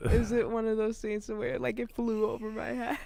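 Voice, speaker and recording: A woman's voice: on the high side, level tone, moderate pace, vocal fry, dark tone, dry recording. A woman co-hosting a casual podcast chat, teasing and laughing often. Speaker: co-host.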